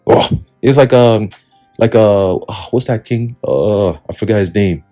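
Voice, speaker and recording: A man with a low, mellow voice preaches in an easygoing street style. His talk is slangy and profane, and he keeps checking in with "right?" and "okay?". Faint music plays behind him. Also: a little slow. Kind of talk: casual street-style Bible teaching.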